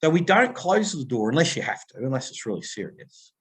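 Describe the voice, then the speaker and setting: Guesting on a conversational podcast, a middle-aged Australian people-pleasing coach talks fairly quickly in a husky, mid-range voice. He tells his stories with animation, voicing the other people in them as he quotes phone calls.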